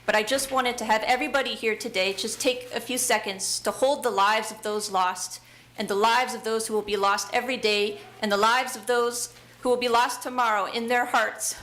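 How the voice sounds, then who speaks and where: A woman's voice: fairly high pitch, fairly even intonation, moderate pace, a bit bright. A woman giving an earnest, emotional public comment at a city council meeting, with hesitant fillers. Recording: echoey council chamber.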